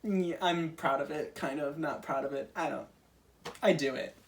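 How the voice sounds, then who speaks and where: A man's voice: fairly high pitch, moderate pace, far from the mic. Chatty young man doing stand-up, a bit off-mic. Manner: chatty, animated, self-deprecating, many fillers. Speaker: stand-up comedian. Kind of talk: casual stand-up monologue.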